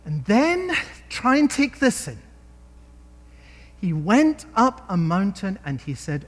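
A man's voice: high-pitched, big pitch swings, slow, long pauses, in a large hall. A man preaching a sermon in an emphatic way, often asking his listeners rhetorical questions.

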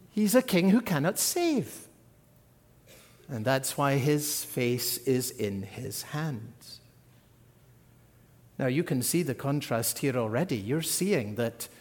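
A man preaching a sermon, earnest, rising to emphatic peaks and then dropping soft, heard in a large church hall. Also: on the high side. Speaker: pastor. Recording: long hall reverb.

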